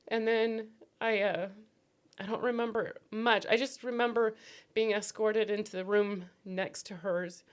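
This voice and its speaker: A woman giving emotional personal testimony as a podcast guest, grief-stricken and near tears, speaking in halting, broken phrases that sometimes drop to a whisper. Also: mid-range voice. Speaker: podcast guest, bereaved mother.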